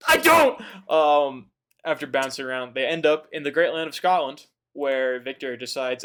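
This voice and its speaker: A man hosting a casual podcast chat, retelling a book with swearing, jokes and loud mocking voices for the characters. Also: mid-range voice, animated, normal speed. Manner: profane, jokey retelling with loud mock voices. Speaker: podcast host.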